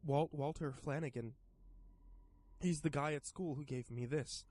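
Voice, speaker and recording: A man's voice: a little high, a little slow, a little mellow. A timid, bullied teenage boy, read by a man in a horror story. He stammers and repeats himself, speaking in a small, hesitant voice. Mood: scared.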